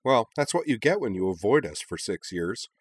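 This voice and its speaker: A man voicing a small, hyper male dragon who talks in an excited, slangy way. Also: fairly low pitch, normal speed, breathy edge, pitched above the performer's own voice. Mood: huffy.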